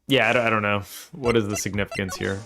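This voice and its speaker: Gravelly-voiced male streamer. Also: on the low side, fairly even intonation, quick pace, pushed and bright, faint music behind. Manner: reads all the game's characters aloud, laughs often, swears. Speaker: streamer playing and reading a game aloud. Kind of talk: casual let's-play chat with read-aloud game dialogue. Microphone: desk microphone.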